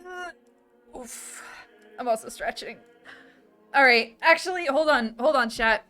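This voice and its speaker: A woman's voice: on the high side, normal speed, sharp tone, soft background music. A young woman streamer playing a mock priest for her chat, theatrical and sarcastic, slipping into sing-song.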